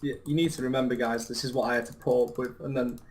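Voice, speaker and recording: A man's voice: medium pitch, steady tone, fast, a little hiss or hum. A young man telling stories in a sweary, laddish way during casual gaming commentary. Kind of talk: casual chat.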